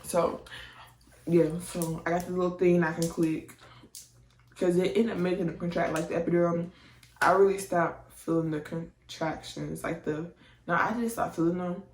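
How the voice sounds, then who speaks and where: Speaking at a moderate pace with a flat delivery, this lowish-voiced woman chats through her birth story like a vlogger, dramatizing her own reactions in slangy terms. There's slight hiss or hum, and the room echoes because she sits distant from the microphone.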